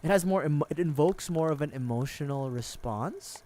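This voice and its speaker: A man's voice: fairly high pitch, lively intonation, a little fast, dark tone, slight background noise. A man streaming a life-sim game, rambling casually and jokingly to his chat and laughing often. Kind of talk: casual gaming livestream chat.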